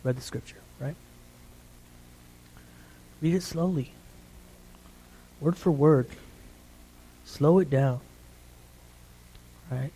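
A middle-aged man preaching a sermon in a relaxed, conversational way, often checking in with the congregation. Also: fairly high pitch, very slow, long pauses, breathy edge. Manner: conversational, repeats "right?" to the congregation.

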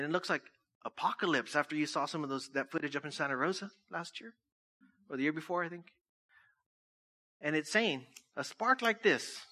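A pastor giving a conversational sermon in a church, joking, laughing often and telling stories between scripture readings. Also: male voice, on the high side, sharp tone.

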